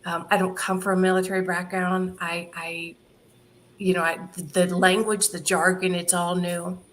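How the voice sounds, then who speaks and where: Lowish-voiced woman telling a lively story. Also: moderate pace, a little hiss or hum. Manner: animated, laughing storyteller who quotes others. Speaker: charity founder guest. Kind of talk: storytelling interview.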